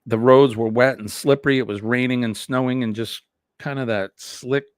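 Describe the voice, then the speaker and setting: A New England man in his 50s hosts a morning live stream, chatting casually, rambling, and reading viewer comments aloud. His mid-range voice is smooth with fairly even intonation and moderate pace, captured in clean studio sound with no echo.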